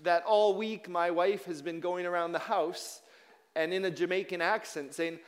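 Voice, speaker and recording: A man's voice: sits high, steady tone, moderate pace, clear, resonant tone. A man preaching as a pastor, chatty and self-deprecating as he teaches from the pulpit. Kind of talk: sermon. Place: church sanctuary. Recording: long reverb of a large hall.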